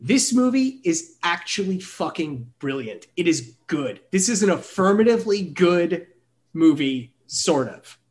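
A man co-hosting a casual film podcast, animated and swearing freely as he argues his point. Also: high voice, a little slow. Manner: animated, swears freely, launches into mocking asides. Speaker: podcast co-host. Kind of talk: casual film review chat.

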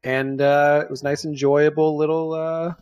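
A man co-hosting a casual movie review podcast, relaxed and easygoing, hedging his points. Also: fairly high pitch, normal speed, clear, resonant tone. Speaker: podcast co-host.

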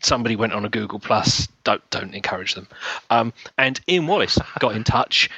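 A man's voice: lowish voice, expressive, fairly quick, bright, forceful tone, slightly rough, no room sound. A man hosting a podcast, teasing his co-hosts in casual chat. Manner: jokey, teasing. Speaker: podcast host. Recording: dull dry recording.

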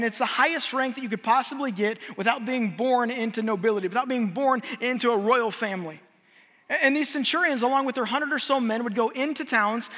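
A man preaching a lively sermon to a live audience, getting the crowd to repeat lines back to him. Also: extremely high pitch. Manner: energetic, audience call-and-response. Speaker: guest preacher. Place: large hall with audience. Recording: long hall reverb.

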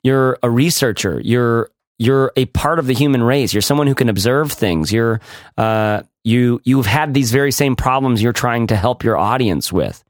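A man's voice: normal speed, dry recording, studio quality. A man co-hosting a casual podcast chat, talking animatedly with frequent restarts. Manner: animated, restarts often, rises in pitch when excited. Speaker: podcast co-host.

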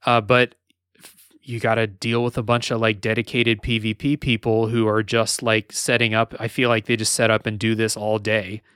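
A man's voice: on the low side, level tone, moderate pace, fairly bright tone, clean tone, no echo, studio quality. A man co-hosting a casual gaming podcast, rambling with lots of filler words and restarts. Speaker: podcast co-host.

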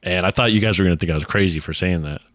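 A man's voice: low voice, very fast, a bit bright, no echo, clean studio sound. A man chatting casually about a horror film he watched, laid-back and full of fillers, now and then quoting the characters. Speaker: podcast co-host. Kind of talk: casual movie review chat.

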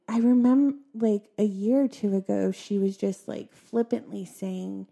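This young woman's voice is mid-range and gravelly. She talks in a hesitant, soft-spoken manner, leaning on fillers as she confides in a confessional-style conversation.

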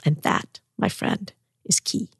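A woman's voice: slow pace, no echo, studio quality. A woman from the American South telling personal stories in conversation, acting out voices and dropping to whispers. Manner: expressive, acts out quoted voices, drops to whispers. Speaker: storyteller.

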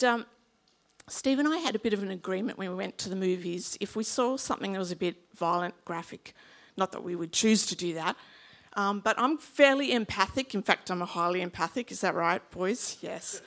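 Chatty Australian woman pastor preaching. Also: mid-range voice. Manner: chatty, humorous, engages the congregation. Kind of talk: sermon.

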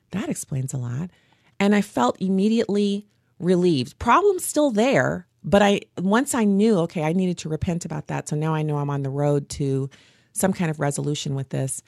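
A woman hosting a faith podcast, telling stories in an animated, earnest way. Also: on the low side, a little fast, dry recording, clean studio sound. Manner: animated, earnest storytelling with laughs. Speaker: podcast host. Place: home studio.

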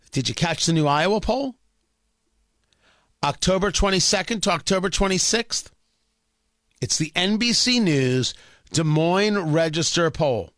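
Animated, opinionated male radio host. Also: sits high, dry recording, studio quality. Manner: emphatic, opinionated, repeats phrases for effect. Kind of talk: political talk radio commentary.

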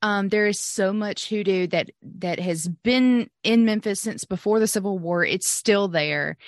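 A woman's voice: medium pitch, unhurried, no echo, clean studio sound. A woman co-hosting a podcast, asking questions in casual chat and giving frequent encouraging agreement. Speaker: podcast co-host. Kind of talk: casual conversational interview.

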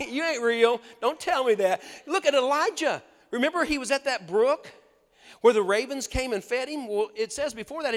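Man, sixties, pastor, sermon, folksy, animated, high voice, long hall echo. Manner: folksy and animated, laughs often, acts out quoted voices.

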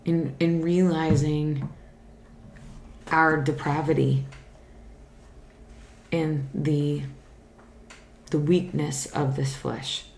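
Low, slow-talking woman, earnest. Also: level tone, vocal fry, a little mellow, reverberant, a little hiss or hum. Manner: earnest, reflective, pauses and restarts. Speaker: podcast co-host. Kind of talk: casual Bible discussion and spoken prayer.

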